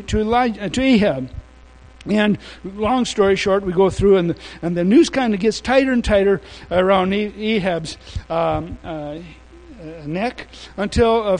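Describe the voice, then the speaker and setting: A man's voice: high-pitched, darkish tone, rough recording. A man preaching a sermon, retelling a story in a folksy, slangy way and often restarting his sentences. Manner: informal storytelling with casual slang; halting, with many restarts.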